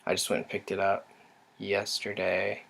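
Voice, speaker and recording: A man's voice: low voice, completely flat delivery, moderate pace, gravelly, fairly bright tone. A young man co-hosting a casual chat, easygoing and agreeable, often hesitating with fillers. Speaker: podcast co-host.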